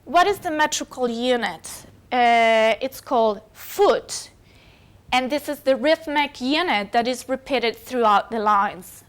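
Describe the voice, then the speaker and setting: Woman teaching a uni class, slow n hesitant, lots of uh and um, highish voice. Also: lively intonation, smooth. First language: Spanish. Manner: hesitant, many fillers and self-corrections. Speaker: university lecturer. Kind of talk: recorded lecture.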